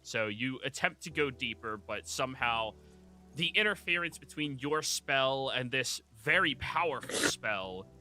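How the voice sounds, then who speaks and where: A man running a tabletop game as dungeon master, explaining rules in a relaxed way. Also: medium pitch, unhurried, soft background music.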